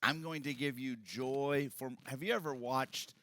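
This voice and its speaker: Male pastor, sermon delivery, bright and forceful, dry close mic, big swings in volume. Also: medium pitch, unhurried, dry recording. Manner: swings from quiet talk to loud shouted preaching. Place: church hall with congregation.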